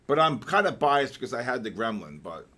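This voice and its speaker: An older man hosting a live market trading session, mixing chart talk with joking stories and loud exclamations. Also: mid-range voice, big pitch swings, brisk. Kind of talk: live trading commentary and casual chat.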